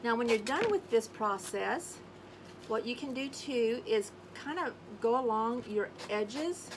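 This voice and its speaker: A woman hosting a casual craft tutorial, chatting warmly to viewers and humming little scat tunes as she works. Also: on the high side, animated, a little slow, noisy background. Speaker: craft video host. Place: home craft space on an acreage.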